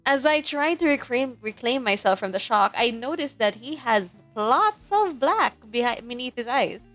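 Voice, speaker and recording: A woman's voice: a little high, expressive, moderate pace, fairly bright tone, soft background music. A woman streamer reading a visual novel aloud in a dramatic, earnest way. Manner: earnest, self-conscious, giggly asides.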